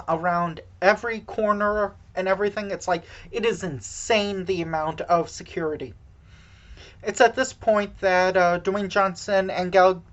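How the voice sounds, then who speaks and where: A woman casually recapping a movie plot, halting with many fillers and self-deprecating asides, heard on a dull lo-fi recording. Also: medium pitch.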